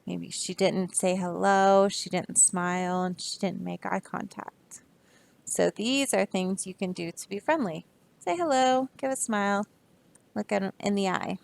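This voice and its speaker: With a medium pitch and noticeable vocal fry, a young woman acts as a storybook reader for kids, stopping to explain the pictures in a relaxed, chatty manner and laughing softly along the way.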